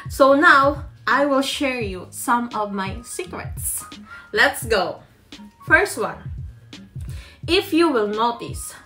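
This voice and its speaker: A woman's voice: medium pitch, pushed and bright. A woman, giving a language tutorial to camera and explaining her tips step by step. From Philippines. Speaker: language teacher.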